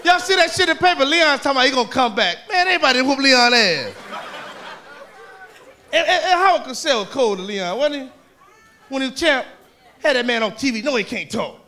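Stand-up comic, high bright voice, profane and teasing, faint crowd laughter behind. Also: male voice, animated, brisk, long pauses. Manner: loud, profane, teasing the audience. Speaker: stand-up comedian. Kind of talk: stand-up comedy.

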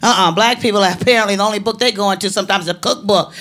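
A woman doing a stand-up comedy set in a brassy, punchy way that often breaks into shouting. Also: mid-range voice, rapid-fire, few pauses. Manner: brassy, animated, punchy delivery that bursts into shouting. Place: live comedy venue. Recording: crowd laughter over a noisy live room.

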